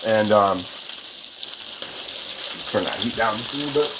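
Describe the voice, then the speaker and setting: A man with a fairly low voice, speaking a little slowly, hosts a cooking livestream from the stove in his home kitchen, chatting in a rambling way with many restarts and answering viewer comments. The recording is noisy, with a sizzling pan and running water behind him.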